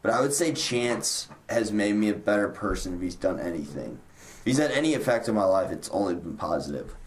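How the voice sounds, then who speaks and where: A man's voice: lowish voice, lively intonation, brisk. A young man hosting a casual podcast, talking loosely with lots of fillers. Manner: rambling, loose, many "like" fillers. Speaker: podcast host. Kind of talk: casual chat.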